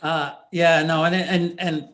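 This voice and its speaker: A man's voice: a little high, flat delivery, slow pace, fairly bright tone. A middle-aged man hosting an interview, telling easygoing anecdotes with lots of fillers. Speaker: podcast host. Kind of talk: casual interview chat.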